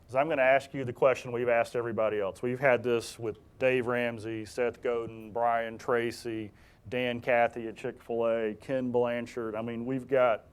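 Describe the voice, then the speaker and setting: A male host of a webcast interview, relaxed and friendly. He chats with his guest as if across a table. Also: medium pitch, clean tone.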